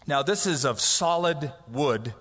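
Man, pastor, conversational sermon, animated, slightly high voice, long hall reverb. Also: a little slow, a little hiss or hum. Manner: conversational, animated, acts out prayers. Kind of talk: expository sermon.

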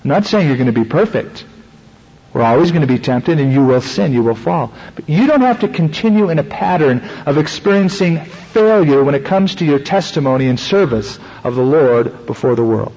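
A man preaching a sermon in a conversational way, retelling scripture with small acted-out scenes. His voice is a bit high and husky. The sound is dull and lo-fi, like a radio program. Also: expressive, normal speed, a little mellow, long reverb tail. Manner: conversational preaching, acting out Bible stories.

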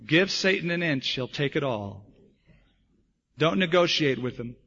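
A male pastor preaching with a lively, swooping delivery that rises and falls for emphasis. His voice is slightly husky. The recording is dull and lo-fi, like an older church tape. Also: fairly high pitch, unhurried. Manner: animated preaching, acting out voices in stories. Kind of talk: sermon.

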